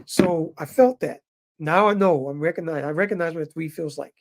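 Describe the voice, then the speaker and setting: A man in his fifties telling his viewers a story in a casual, animated way and calling them brothers. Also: fairly high pitch, brisk, background noise. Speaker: vlogger living in Japan.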